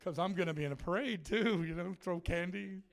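A man preaching with humor, telling self-mocking stories in an animated way and laughing often. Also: sits high, a little fast, vocal fry. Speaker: traveling preacher and musician. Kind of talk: humorous sermon storytelling.

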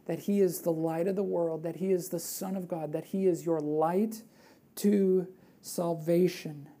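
A woman preaching a sermon in a lively, conversational way, asking rhetorical questions and dropping to a hushed, earnest voice for emphasis. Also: fairly low pitch, unhurried.

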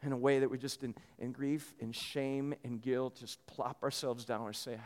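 A man preaching a sermon in a church, telling a story in a lively way with many restarts. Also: mid-range voice, normal speed, hardly any pauses, in a large hall. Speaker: pastor.

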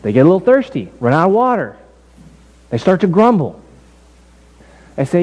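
A man delivers a sermon from the pulpit, talking to his congregation as if in conversation. His voice sits a little higher than most men's, and he slips easily into storytelling with quick asides. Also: very animated, darkish tone, slightly rough, rough recording. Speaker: pastor. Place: church building.

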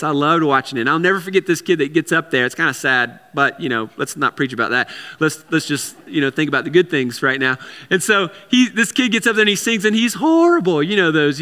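A man's voice: fairly high pitch, bright, forceful tone, big-room sound. A man preaching a sermon in a conversational way, with repeated words and casual asides. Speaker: pastor.

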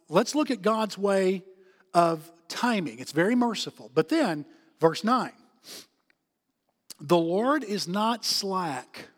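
Male pastor, high voice, emphatic sermon delivery, long reverb of a big hall. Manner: emphatic, repeats key phrases, drops to soft tones for comfort.

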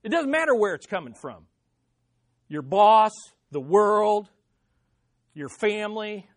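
A pastor preaching an expository sermon, stressing points by swinging between loud and hushed delivery and asking the listeners rhetorical questions. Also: mid-range voice, very animated, slow pace.

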